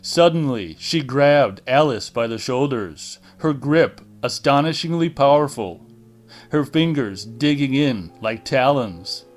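Slow, dramatic male audiobook narrator. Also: medium pitch, animated, soft background music. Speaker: audiobook reader. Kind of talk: scripted horror narration.

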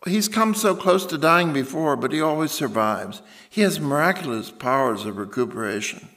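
Man doing a nervous polite man, caring for an ill friend, higher pitched. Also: animated, normal speed, fairly bright tone. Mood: anxious. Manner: nervous, socially polite questions.

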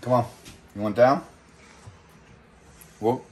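A man's voice: mid-range voice, fairly even intonation, slow pace, darkish tone. A man vlogging while feeding animals outdoors, chatty and coaxing with them. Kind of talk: casual vlog chat.

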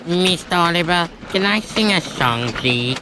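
Brief: pleading small toy wagon voiced by a man, high, with background noise. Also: expressive, unhurried. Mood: begging. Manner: wheedling, pleading. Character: whiny begging little toy wagon. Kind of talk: fan dub of toy trains.

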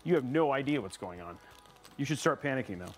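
Playful, lively man streaming a PC build. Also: mid-range voice, fairly quick. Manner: playful, rambling, teasing the chat. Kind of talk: live-stream build commentary.

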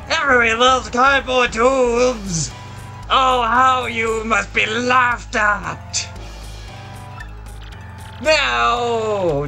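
Gamer doing a cursed talking chest: slow, bright-toned, bratty, gloating villain. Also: medium pitch, creaky, full character voice. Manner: wheedling, then gloating with theatrical shouts. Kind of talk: let's play dialogue reading.

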